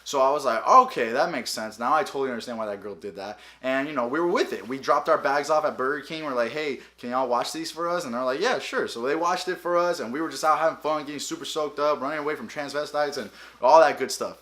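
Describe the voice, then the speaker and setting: A young man vlogging, telling funny travel stories in a casual, animated way and acting out the people he quotes. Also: a little high, quick pace, few pauses. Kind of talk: casual storytelling.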